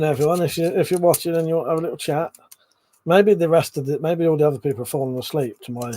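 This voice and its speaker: Streamer, husky, lively pitch, jokey and foul-mouthed. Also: male voice, a little fast. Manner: joking, heavy swearing. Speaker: live-stream host. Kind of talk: casual live-stream chat. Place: indoors at home, seated low in a chair.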